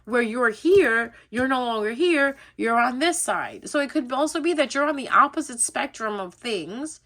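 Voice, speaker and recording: A woman's voice: on the high side, expressive, normal speed, a bit bright. A young adult woman chatting her way through a casual tarot reading, rambling and laughing often. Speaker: tarot reader.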